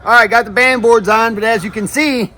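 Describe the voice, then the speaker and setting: Recorded on an action camera with slight background noise, this builder and channel host has an extremely high, steady, pushed and bright voice at a brisk pace. Out on a cold site, he narrates his vlog casually, upbeat and chatty, explaining each step while working and breathing hard from the cold and climbing.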